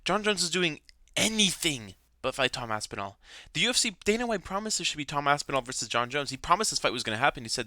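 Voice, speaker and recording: Young guy ranting bout mma, bright sharp voice, dead dry room, keeps swearing. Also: a little high, big pitch swings, quick pace, hardly any pauses, no room sound. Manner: angry, swearing, repeats himself. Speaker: MMA commentator. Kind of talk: ranting fan commentary.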